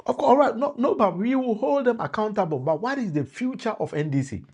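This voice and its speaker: A man's voice: very high voice, expressive, brisk, a little mellow, husky, muffled recording. A man with a Ghanaian accent giving political commentary to a live-stream audience, switching between Twi and English, restarting phrases and calling out viewers by name.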